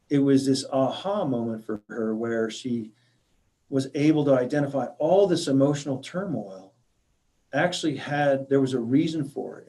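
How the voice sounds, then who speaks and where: Soft-spoken man giving a grief talk. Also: medium pitch. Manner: thoughtful, many fillers and restarts. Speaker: hospice grief counselor. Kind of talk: library presentation talk.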